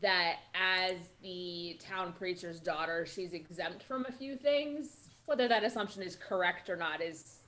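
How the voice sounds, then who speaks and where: Female tabletop player, slow deliberate delivery. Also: fairly low pitch, a bit bright. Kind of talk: casual tabletop play.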